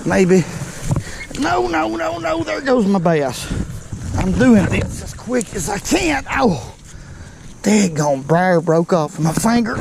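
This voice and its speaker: A man's voice: fairly high pitch, creaky, a little mellow, a little hiss or hum, rough recording. An older man, chatting folksily to his viewers while fishing on a creek bank outdoors, a bit out of breath. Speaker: fishing vlogger. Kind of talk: casual outdoor vlog. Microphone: body-worn camera.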